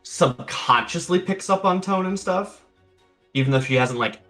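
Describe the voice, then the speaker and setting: A man's voice: fairly high pitch, animated, moderate pace, pushed and bright, faint music behind. A man playing a tabletop game, musing about his character in a hedging, rambling way. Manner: musing, hedging, full of fillers. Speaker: player.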